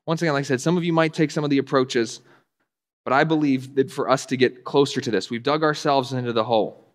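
A man's voice: mid-range voice, steady tone, fast. A man preaching a sermon in a conversational way, often stumbling and restarting as he voices his listeners' objections. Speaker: pastor. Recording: long hall reverb.

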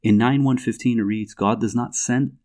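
A man giving a measured, explanatory talk on scripture, reading verses aloud and pausing often with fillers. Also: mid-range voice, fairly even intonation, darkish tone. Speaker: religious commentator.

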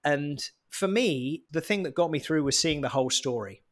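A man's voice: on the high side, lively intonation, moderate pace. A man, co-hosting a podcast in casual chat, a chatty, jokey storyteller who mocks himself. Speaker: podcast co-host.

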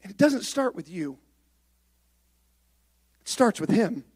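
A male pastor preaching a sermon, moving between soft, low passages and loud, rising exhortation. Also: big pitch swings, slow pace, slightly rough.

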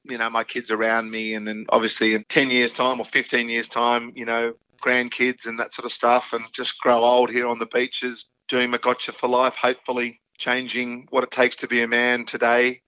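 A man's voice: medium pitch, completely flat delivery, moderate pace, hardly any pauses, sharp tone, smooth, no room sound. A middle-aged man with an Australian accent, speaking frankly as an interview guest, with many fillers and restarts. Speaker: guest, foundation founder. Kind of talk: candid interview talk. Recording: slightly dull lo-fi audio.

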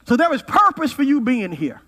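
High-voiced preaching man, booming hall. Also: very animated, a little fast. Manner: preaching with sudden loud peaks and quiet drops. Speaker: pastor. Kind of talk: sermon. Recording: reverberant hall.

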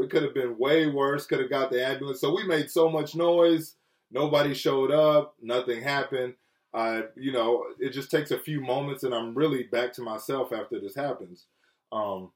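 A man preaching a sermon with earnest feeling, often dropping low and soft and then rising for emphasis. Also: a little slow, roomy sound, distant mic. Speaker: pastor. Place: Chicago.

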